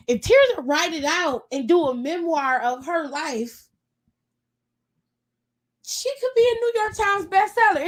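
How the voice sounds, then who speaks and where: A woman co-hosting a podcast in casual chat, telling stories animatedly, laughing often and swearing freely. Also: high-pitched. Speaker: podcast co-host.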